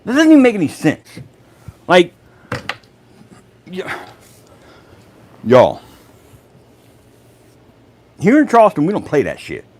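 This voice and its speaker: A middle-aged man with a drawl hosts a casual livestream chat, taking his time with each phrase. His pitch swings widely as he talks, and he swears freely and breaks into loud laughter at his own jokes. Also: huge pitch swings, takes it slowly, pauses often. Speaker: host of a live chat.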